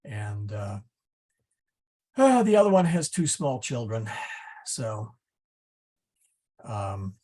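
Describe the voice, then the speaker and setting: A middle-aged man teaching a Latin class, halting, with many fillers and restarts. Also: fairly low pitch, very animated, warm tone. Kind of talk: class lesson.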